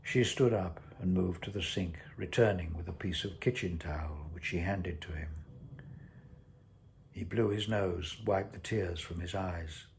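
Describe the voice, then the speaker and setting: A man, an actor, reading his own short story aloud in a measured, deliberate way. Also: sits low, vocal fry, a little hiss or hum. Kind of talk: scripted story narration.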